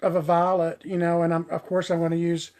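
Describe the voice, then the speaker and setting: A man's voice: monotone, a little fast, a little mellow. A middle-aged man who works as a hairstylist, chatting casually and folksily with viewers on a live stream and calling them y'all. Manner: breaks off to coax his dog in a high sing-song. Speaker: hairstylist hosting a live show.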